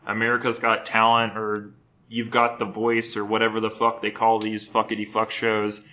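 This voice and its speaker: Man, podcast co-host, profane, rambling, bright voice, slightly dull sound. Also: on the low side, completely flat delivery, moderate pace. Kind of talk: casual comedy chat.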